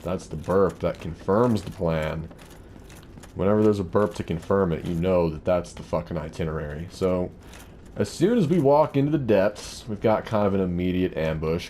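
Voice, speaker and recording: Male let's-play host, low voice, loose off-topic patter, faint background noise. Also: dark tone. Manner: rambling, off-topic, swears casually. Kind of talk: casual gameplay commentary.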